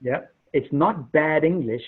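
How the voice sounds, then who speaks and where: Middle-aged guy telling stories on a video call, lively, kinda husky, tinny phone sound. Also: fairly high pitch, a little slow. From South Africa. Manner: animated, repeats words when starting. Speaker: guest, minister. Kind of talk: casual storytelling chat. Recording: muffled phone-like call audio.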